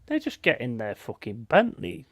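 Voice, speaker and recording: A man hosting a live football watch-along stream, bantering bluntly with a co-host and shouting out viewers in chat. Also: medium pitch, huge pitch swings, normal speed, no echo, studio quality.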